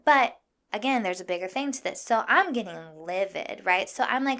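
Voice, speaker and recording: A young woman from Iowa hosting a podcast, telling a story in a fired-up, profane, animated way. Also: medium pitch, normal speed. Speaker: podcast host. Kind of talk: casual storytelling monologue.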